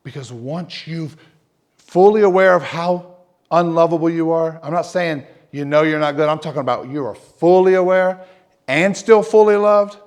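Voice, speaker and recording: A man preaching an emotional personal testimony as a pastor, dropping to near whispers and then rising loud and fervent. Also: fairly high pitch, moderate pace. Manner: emotional testimony, swings from hushed to loud, repeats himself. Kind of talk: sermon.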